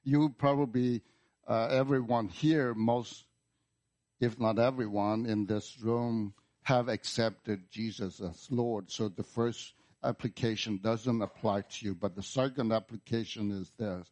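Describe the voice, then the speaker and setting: Male pastor, slow sermon delivery, repetitive emphatic phrasing. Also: lowish voice, steady tone, a little mellow. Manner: slow, deliberate preaching with repeated words and emphatic restarts. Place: church.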